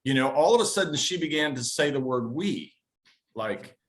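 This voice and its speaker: A man's voice: a little high, expressive, moderate pace, slight background noise. A man on a video call, earnestly recounting his experience to a coach and searching for words as he goes. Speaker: caller in a Q&A session. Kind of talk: casual storytelling.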